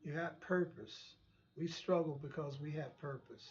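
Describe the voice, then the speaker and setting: A man's voice: on the high side, fairly even intonation, measured pace, a little mellow, dull audio. A man hosting his own channel, delivering an impassioned, preachy commentary and repeating phrases for emphasis. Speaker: channel host.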